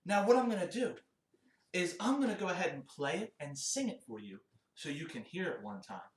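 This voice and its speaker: A man's voice: high-pitched, very animated, a little fast, distant mic. A man teaching a children's music lesson, upbeat and encouraging as he talks to young kids. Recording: roomy, off-mic, guitar behind.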